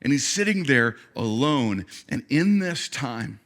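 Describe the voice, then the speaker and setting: In an unhurried, mid-range voice, a pastor tells his sermon's story at a church service with animated energy. He slips into quiet asides, then builds to loud, emphatic peaks, frequently repeating words when he starts over.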